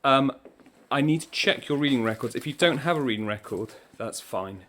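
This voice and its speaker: A man's voice: mid-range voice, lively intonation, moderate pace, fairly bright tone. Slightly breathless male teacher. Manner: encouraging, chatty, walking while talking. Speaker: primary school teacher. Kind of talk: recorded remote lesson instructions. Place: indoors in a school, walking between rooms.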